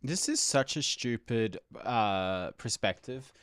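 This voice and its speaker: A man streams live, reacting to memes in loose, rambling chat. He fills his talk with "like" and restarts. His voice is mid-pitched and the sound is dry and close. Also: animated, slow pace, a bit bright, clean tone, dry recording. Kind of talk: casual chat.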